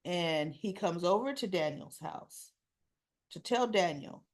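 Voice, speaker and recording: A woman hosting a casual spoken soap opera recap, telling it in an animated, opinionated way and acting out the characters' lines. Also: on the low side, takes it slowly. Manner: acts out characters' dialogue.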